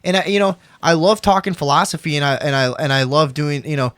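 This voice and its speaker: A man's voice: on the high side, fast talker, fairly bright tone, clean tone, no room sound. Young male talk host, casual and profane, emphatic rambling delivery, dry sound. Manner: rambling, emphatic, swears a lot.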